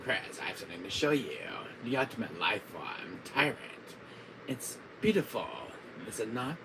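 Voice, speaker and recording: A man's voice: big pitch swings, normal speed, background noise. A man putting on the voice of a cold, smug male villain mastermind as a live-stream impression. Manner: low, smug, taunting.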